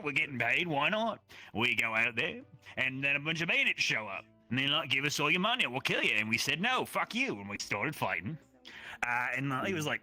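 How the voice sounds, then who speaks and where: A man's voice: mid-range voice, sharp tone. A man playing a crude boastful orc mercenary. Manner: rambling, swears casually, tells war stories. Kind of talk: live tabletop role-play.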